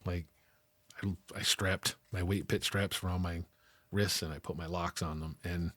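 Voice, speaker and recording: Husky low-voiced man telling his story. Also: moderate pace, no room sound. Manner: animated, acts out quoted voices, frequent "right?" and "like". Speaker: interview guest. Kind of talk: candid storytelling interview.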